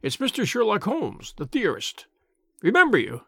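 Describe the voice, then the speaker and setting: Man doing a husky, blustering stout inspector. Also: high-pitched, huge pitch swings, moderate pace, dry recording, pitched above the performer's own voice, heavily acted. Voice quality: husky, wheezing. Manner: pompous, loud and boastful. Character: stout blustering middle-aged police inspector. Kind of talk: audiobook character voice.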